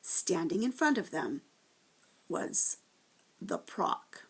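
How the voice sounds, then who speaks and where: A woman teacher reading a chapter book aloud to first graders, with gentle, expressive storytelling. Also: fairly low pitch, slow, breathy edge.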